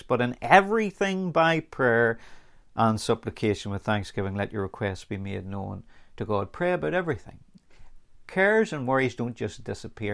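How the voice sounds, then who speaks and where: Gravelly-voiced man preaching. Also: medium pitch. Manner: earnest, lively delivery with dramatic pauses. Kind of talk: sermon.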